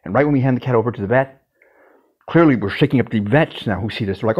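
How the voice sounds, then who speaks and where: A man with a husky voice tells a personal story in a casual, intense way, swearing for emphasis. His pitch sits in an ordinary middle range. The recording sounds slightly dull and lo-fi. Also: quick pace.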